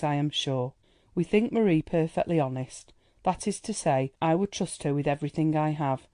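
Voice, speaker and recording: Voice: mid-range voice, warm tone, no echo, close to an everyday voice. A reader voicing a chatty, patronizing society woman who laughs off her friend's worries, in a storybook reading. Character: gushing condescending society woman, young adult.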